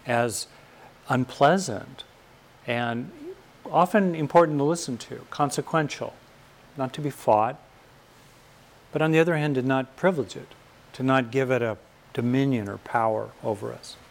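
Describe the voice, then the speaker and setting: Gravelly older American man, reflective talk. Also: medium pitch. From California. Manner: thoughtful, pausing often, rising emphasis on key points.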